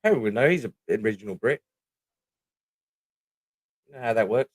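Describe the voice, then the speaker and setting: A man's voice: lowish voice, expressive, moderate pace, no echo. British bloke rambling on his stream, swears every other line, dry sound. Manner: swears freely, rambling and jokey. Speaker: livestream host. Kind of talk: casual livestream chat.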